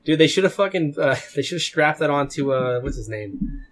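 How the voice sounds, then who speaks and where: A man co-hosting a podcast in casual chat, excitable, laughing often and swearing freely. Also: a little high, fairly quick. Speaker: podcast co-host. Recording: rough podcast audio with problems.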